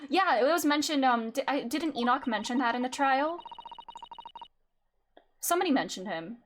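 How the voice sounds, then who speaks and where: A woman's voice: high voice, animated, moderate pace, slight background noise. A young woman streaming a game, chatting casually with wry, giggly asides. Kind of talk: casual gameplay commentary, reading game text aloud.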